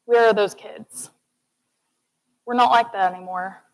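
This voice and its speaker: A woman's voice: mid-range voice, fairly even intonation, a little slow, creaky, slight background noise, low-quality recording. A young woman giving a student TED-style presentation, earnest and encouraging, talking straight to the audience. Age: young adult. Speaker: student speaker. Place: classroom or lecture hall.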